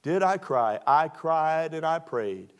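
A man's voice: on the high side, expressive, slow pace, smooth. A middle-aged man preaching a sermon to his church, restarting his sentences and repeating emphatic phrases. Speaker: pastor. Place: church sanctuary.

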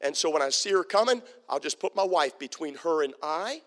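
A man's voice on the high side preaches fairly quickly, followed by a long reverb tail in a church sanctuary. As the pastor, he tells humorous stories with animation and acts out the characters' words.

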